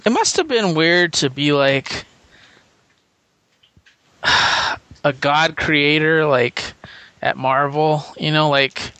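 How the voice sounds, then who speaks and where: A man casually chatting about a comic issue, relaxed, repeating words as he starts sentences. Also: a little high, slow, pauses often, clean tone, no echo. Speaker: comic book podcast co-host. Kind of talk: casual discussion.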